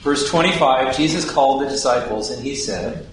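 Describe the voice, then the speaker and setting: A man delivers sermon-style Bible teaching at a mid-range pitch and keeps asking questions of his listeners. His voice comes from well away from the microphone. It rings in a heavily echoing hall with steady background noise underneath. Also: moderate pace, hardly any pauses. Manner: poses questions to the audience. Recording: very echoey hall, distant mic, background noise.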